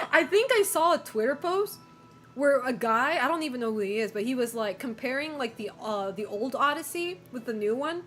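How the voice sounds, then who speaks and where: A woman's voice: sits high, animated, normal speed, soft background music. A woman streamer chatting casually with viewers, opinionated, swearing and laughing often.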